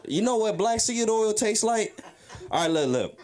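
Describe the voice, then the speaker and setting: A man's voice: sits high, lively intonation, normal speed, darkish tone. A drunk man doing a crude, rambling open mic stand-up set on a comedy club stage, roasting the crowd. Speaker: stand-up comic.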